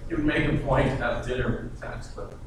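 A man preaching a sermon in an animated way, acting out the voices of the people in his stories, with an easy chuckle. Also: medium pitch, fast, a crowd in the background. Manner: animated, acts out quoted voices, chuckles often. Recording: echoey room heard from a distance.

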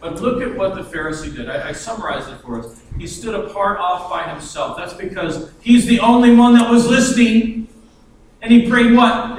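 A man with a high voice preaches with plenty of life, slipping into little acted voices for the people in his stories. He sounds set back from the mic in a large, very echoey hall, with a faint room hum behind him. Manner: animated, acts out quoted voices, chuckles often. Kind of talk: sermon. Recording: echoey room heard from a distance.

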